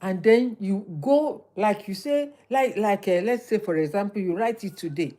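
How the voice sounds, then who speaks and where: A middle-aged woman, hosting a motivational livestream, talking in a lively, preachy way and repeating phrases for emphasis. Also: mid-range voice, moderate pace. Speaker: livestream host.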